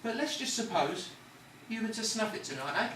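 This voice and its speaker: With a full character voice, high-pitched, sing-song and sharp, an actor speaks fairly quickly as a cocky, cynical London ladies' man lecturing in slang in a hospital ward. His mood is scornful and the acting amateur and stage-like. It's recorded far from the mic in an echoey room with faint noise.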